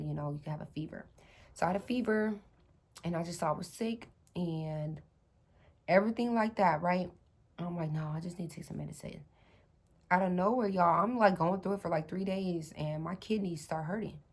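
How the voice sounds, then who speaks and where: A woman in her thirties telling a personal story to her viewers in a casual, chatty way, with many fillers and restarts. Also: deep voice.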